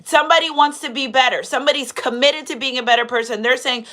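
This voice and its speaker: A woman's voice: sits high, fast, hardly any pauses, sharp tone. A woman giving a live tarot reading. She preaches, quotes scripture and repeats her phrases. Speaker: tarot reader.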